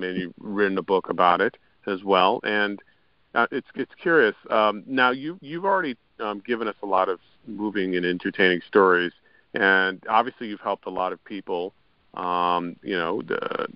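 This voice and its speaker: A man hosting an interview, talking in a halting way with many fillers and short replies. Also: low-pitched, no echo. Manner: halting, full of "you know" and backchannels. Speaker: podcast host. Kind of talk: interview conversation. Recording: dry, dull lo-fi audio.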